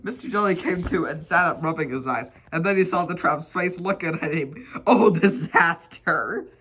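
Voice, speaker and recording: Man, amateur storybook read-along, slightly high voice, giggly, stumbling reading. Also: a little fast, sharp tone. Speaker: reader.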